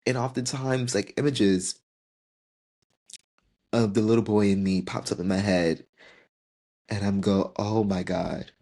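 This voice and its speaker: A man's voice: on the low side, fairly even intonation, a little slow, long pauses, mellow. A man in his twenties hosting a podcast, talking heartfelt and tearful about turning another year older. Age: 20s. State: tearing up. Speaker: podcast host. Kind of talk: emotional personal reflection.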